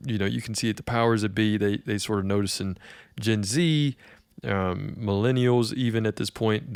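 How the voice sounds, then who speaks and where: A man with a low, smooth voice offers his own take on a clip he has just played, casting about for words and circling back on his own phrases. He is recorded close and dry, with no room sound. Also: no echo. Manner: rambling, with many fillers and restarts. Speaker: commentary channel host. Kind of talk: reaction commentary.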